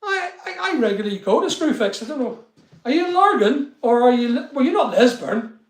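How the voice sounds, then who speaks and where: A man's voice: very high voice, lively intonation, brisk. A middle-aged man, chatting casually on a live stream and greeting viewers by name. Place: studio room being built. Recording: echoey unfinished room.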